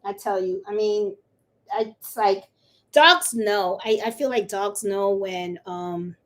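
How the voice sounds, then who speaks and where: A woman's voice: mid-range voice, slow pace. A middle-aged woman hosting a live crafting stream, chatting in a rambling, casual way and cooing to her dog now and then. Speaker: livestream host of a crafting channel.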